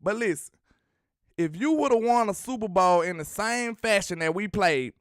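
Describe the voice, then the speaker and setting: A man's voice: high-pitched, moderate pace, no room sound, clean studio sound. A man hosting a sports talk show, chatting casually and teasing viewers as he reads out their comments. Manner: animated, slangy, teasing the chat.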